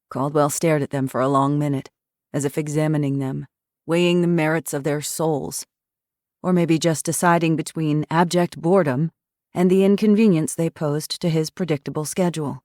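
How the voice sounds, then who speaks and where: Low-voiced woman reading an audiobook. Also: dry recording, clean studio sound. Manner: measured, steady storytelling. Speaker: audiobook narrator. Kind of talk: scripted audiobook narration.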